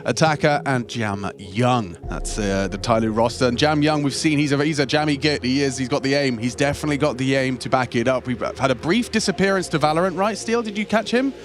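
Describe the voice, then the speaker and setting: A man's voice: medium pitch, fairly quick, hardly any pauses. A man casting esports, playful and full of puns and banter. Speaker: esports caster. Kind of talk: color commentary.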